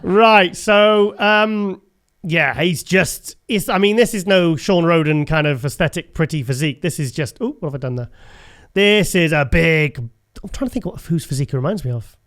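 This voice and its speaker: A man's voice: a little high, normal speed, fairly bright tone. A man hosting a casual show, chatting and rambling as he looks through pictures and laughs often. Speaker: host.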